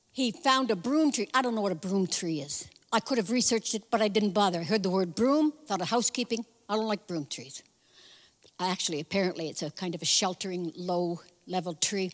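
A woman giving a sermon as guest speaker, telling the story in a lively, conversational way with casual asides. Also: mid-range voice, moderate pace, long reverb tail. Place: church sanctuary.

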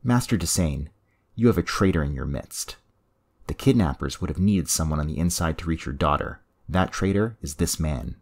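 A man voicing a calm, sharp-witted woman Jedi ranger in a story reading, with a dry, commanding delivery. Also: extremely low pitch, moderate pace, husky, exaggerated voice. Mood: cool.

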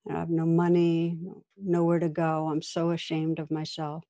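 A woman's voice: deep voice, completely flat delivery, moderate pace, mellow, no room sound, clean studio sound. A woman quoting a drunk male laborer who sobs out his shame and loss. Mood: despairing. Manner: sobbing, broken confession.

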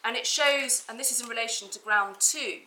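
A woman barrister addresses the bench in a courtroom, building her case point by point. Her voice is bright and crisp, and she leans on key words to stress them. Faint hiss sits under the desk microphone. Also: on the high side, brisk, rough recording. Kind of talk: formal legal argument in court.

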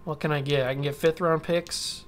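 A man's voice: a little high, steady tone, moderate pace, slight background noise. Frustrated young man commenting on gameplay. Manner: frustrated, self-scolding, talks to himself. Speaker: gaming channel host.

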